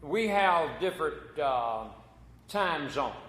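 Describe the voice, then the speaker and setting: A man's voice: on the high side, animated, slow pace, a bit bright. A man preaching a folksy sermon as pastor, telling a corny joke before turning to scripture. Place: church sanctuary. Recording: echoey church hall.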